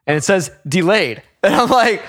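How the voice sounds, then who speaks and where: A young man telling a story in casual chat, animated and profane, acting out the people in it. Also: sits high, moderate pace, background noise.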